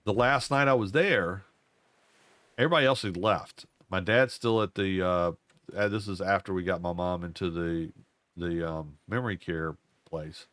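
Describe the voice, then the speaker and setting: A man's voice: sits low, normal speed, fairly bright tone, dry recording. An older man, rambling folksy storytelling while he plays a game at home. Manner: rambling, repeats himself, folksy. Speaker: gaming channel host. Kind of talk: casual storytelling over gameplay.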